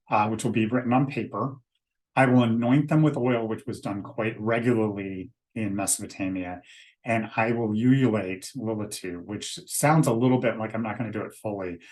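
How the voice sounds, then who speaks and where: A man leading a ritual, explaining it step by step in a steady, methodical way. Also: fairly low pitch. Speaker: ritual leader.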